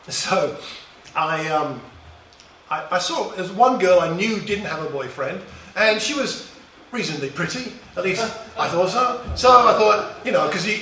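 A man's voice: high voice, expressive, moderate pace, bright, forceful tone, recorded from a distance, slight background noise. A middle-aged man giving a reflective personal talk, telling a story from his boyhood in a musing, storytelling way. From England. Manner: storytelling, musing, with small restarts. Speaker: speaker. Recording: roomy echo, voice a bit off-mic.

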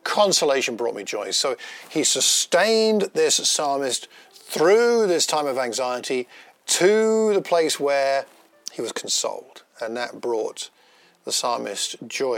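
A man giving a gentle, personal devotional talk, unhurried, with small pauses and restarts. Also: mid-range voice, expressive, vocal fry, no room sound. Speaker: devotional speaker.

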